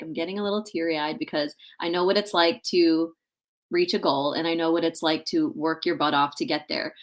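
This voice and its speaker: A woman's voice: on the low side, a bit bright. A woman hosting a live interview show from a home setup, effusive and encouraging, often stumbling over her first words. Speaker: host. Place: home setup with ring light.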